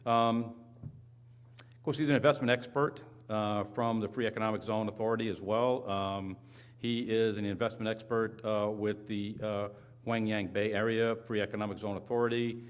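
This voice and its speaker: A man's voice: on the low side, fairly even intonation, normal speed, clean tone. Apologetic man introducing speakers. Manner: apologetic, self-deprecating, fumbling. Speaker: moderator.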